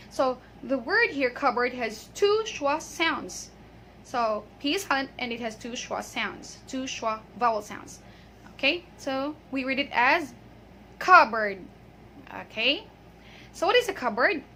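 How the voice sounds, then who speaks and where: Woman, cheerful teacher, high-pitched, crisp bright tone. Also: a little hiss or hum. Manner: upbeat, repeats "okay" often, drills words slowly. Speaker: English pronunciation teacher. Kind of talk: casual video lesson.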